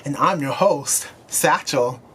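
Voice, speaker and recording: A man's voice: on the high side, slow, background noise. A young man hosting his own vlog, talking to camera in a chatty, earnest way with frequent fillers. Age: young adult. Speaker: host. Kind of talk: casual talk to camera.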